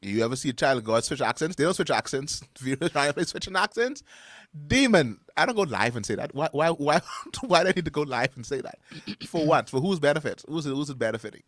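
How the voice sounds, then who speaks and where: A man from the Bahamas co-hosts a morning radio talk show in a radio studio, speaking fast with a fairly high, bright voice and lively intonation, recorded dry. He rambles casually about church and faith, laughing often and restarting his sentences.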